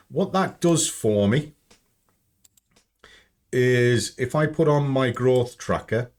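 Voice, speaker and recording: A man's voice: medium pitch, a little mellow. Chatty blunt man at home. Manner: chatty, blunt, swears freely. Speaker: trading channel host. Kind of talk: casual screen-share walkthrough.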